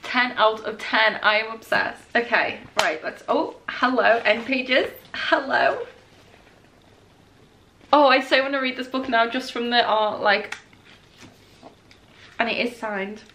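A young woman casually vlogging a book unboxing, excitable and gushing, emotional and close to tears. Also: on the high side, takes it slowly, pauses often.

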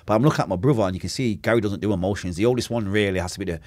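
Racing along with a fairly low, darkish voice and no echo, this Manchester man tells his story as a podcast guest in a casual interview. He's a vivid storyteller who performs quotes and gunshot sounds, speaking street slang and swearing oaths.

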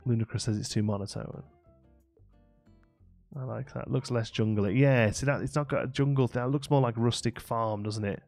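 A man's voice: medium pitch, fairly even intonation, normal speed, vocal fry, darkish tone, faint music behind. A man chatting with viewers during a late-night live game stream, thinking aloud and laughing often.

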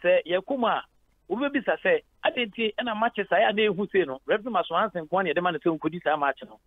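A man's voice: high voice, animated, fast talker, no room sound. A man with a Ghanaian accent, a head of sport calling in to a radio show, explaining at length and mixing English into Twi. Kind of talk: phone-in sports analysis. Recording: tinny phone line.

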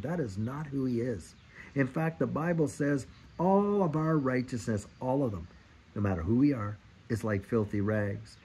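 A man's voice: medium pitch, darkish tone, a little hiss or hum, rough recording. A man in his fifties giving an earnest, exhorting sermon and repeating his key phrases. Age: 50s. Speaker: Christian speaker.

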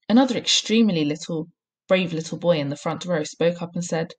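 Husky teacher giving a lesson. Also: female voice, on the low side, a little fast. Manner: clear, encouraging instructions. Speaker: primary school teacher. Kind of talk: recorded online lesson.

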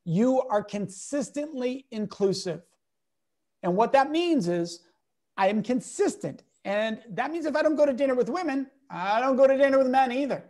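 Animated man explaining with emphatic storytelling. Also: very high voice, normal speed. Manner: emphatic, lively, acts out quotes in different voices. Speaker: guest educator and speaker. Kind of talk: animated interview talk with acted-out anecdotes.

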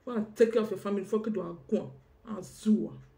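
Nigerian woman, rapid and scolding. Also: mid-range voice, steady tone, gravelly, warm tone. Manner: rapid, mixing languages, scolding. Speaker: guest. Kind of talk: heated conversational exchange.

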